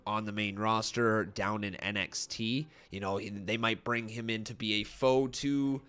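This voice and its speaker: A man's voice: on the low side, fairly even intonation, measured pace, fairly bright tone, clear, resonant tone. A young man hosting a casual wrestling watch-along stream, chatty and reading out viewer comments, his voice a little tired and strained. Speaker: live stream host. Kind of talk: casual live-stream chat.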